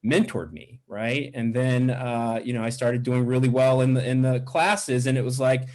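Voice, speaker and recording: Animated man telling stories. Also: mid-range voice, moderate pace. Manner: animated, acts out quoted voices, frequent restarts. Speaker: guest, professor. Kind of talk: conversational storytelling interview.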